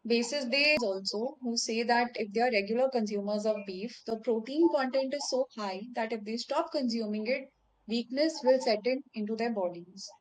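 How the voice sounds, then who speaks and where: A woman interviewer, asking a measured question with a few hesitant fillers. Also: a little high, poor audio.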